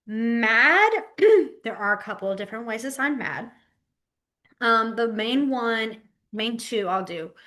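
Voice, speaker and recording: Female teacher, lively and giggly, acts out examples, slightly high voice, webcam call. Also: takes it slowly. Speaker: sign language teacher. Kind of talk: online class instruction. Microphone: webcam mic on a video call.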